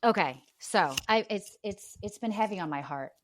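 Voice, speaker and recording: A woman's voice: mid-range voice, normal speed, a little hiss or hum. A young woman, a guest on a podcast, telling stories in casual chat and saying "like" a lot. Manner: animated storytelling, frequent "like". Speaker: guest, former reality show contestant.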